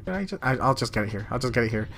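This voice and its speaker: Lively man doing game commentary. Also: mid-range voice, very fast, a little hiss or hum. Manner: excitable, swears often, laughs a lot. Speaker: gamer. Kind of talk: casual let's-play commentary. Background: faint game music.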